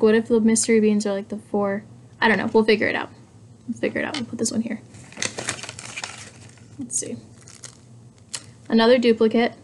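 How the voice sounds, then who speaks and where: Young adult woman, hobby vlogger, chatty and easily excited, casual unboxing talk. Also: mid-range voice. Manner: excitable, chatty, thinking aloud.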